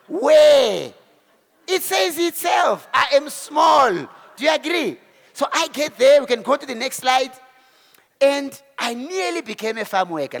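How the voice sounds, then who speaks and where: In a reverberant event hall, a high-voiced South African man in his forties gives a lively motivational keynote to the crowd. As he shares his story, he performs the voices, quotes, and exclamations of the characters involved.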